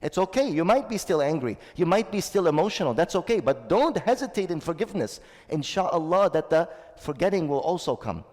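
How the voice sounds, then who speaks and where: A man's voice: on the high side, big pitch swings, fairly quick, few pauses, darkish tone. Man, shaykh, sermon, earnest, repeats points, Arabic recitation, long reverb. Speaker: shaykh giving a Ramadan talk.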